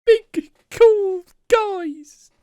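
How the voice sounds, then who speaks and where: A man's voice: extremely slow, warm tone, no echo, full character voice. A man putting on the voice of a sulky, needy grown man who acts like a child. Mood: whiny. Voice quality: squeaky, wailing.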